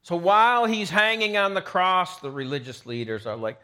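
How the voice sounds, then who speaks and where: A man's voice: high-pitched, normal speed, few pauses, pushed and bright. A man preaching a sermon live in a church, telling the story dramatically and acting out the quoted voices. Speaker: pastor. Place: church sanctuary, recorded live.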